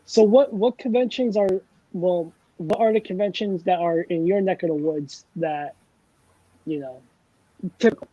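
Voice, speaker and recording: A man's voice: high-pitched, moderate pace, dark tone, dry recording. A man with a New Jersey accent co-hosting a casual live-stream chat, crude and joking and swearing freely. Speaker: co-host. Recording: dull, dry lo-fi sound.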